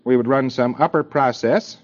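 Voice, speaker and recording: A man's voice: medium pitch, normal speed. A man giving a lecture to students, rambling with many fillers and acting out little dialogues. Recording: dull lo-fi tape recording.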